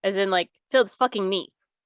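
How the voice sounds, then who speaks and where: This podcast co-host, a young adult woman, keeps the conversation loose and chatty, swearing without hesitation and saying "like" a lot. She speaks at a normal pace in a clear, resonant, mid-range voice on a dry recording.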